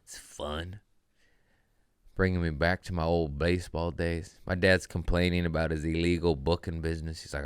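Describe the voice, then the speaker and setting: A man's voice: deep voice, level tone, normal speed, clear, resonant tone, dry recording, studio quality. A man, a comedian hosting his podcast, telling a rambling, profane story in a wry, casual way.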